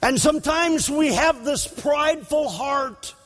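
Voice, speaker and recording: High-voiced preacher, slow and impassioned. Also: male voice. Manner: impassioned, breaking into shouts for emphasis. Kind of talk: sermon. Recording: long hall reverb.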